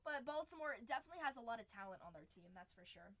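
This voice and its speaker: Young woman, high bright voice, chatty live-stream host who laughs a lot and reads chat aloud. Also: big pitch swings, very fast. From San Diego area. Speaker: card break host.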